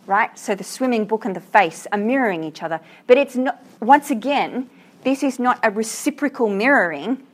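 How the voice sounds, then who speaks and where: A woman teaching a class about a poem, reading verse aloud slowly and asking her students questions with enthusiasm. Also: a little high, animated. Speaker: literature teacher.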